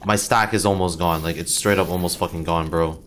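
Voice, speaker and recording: A young man with a lowish voice talks his way through a game in loose, frustrated commentary. He swears constantly and yelps sharply at every hit. Faint game sounds sit quietly under his voice. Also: steady tone, a little fast, a little hiss or hum. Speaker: gaming channel host. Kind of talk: casual gameplay commentary.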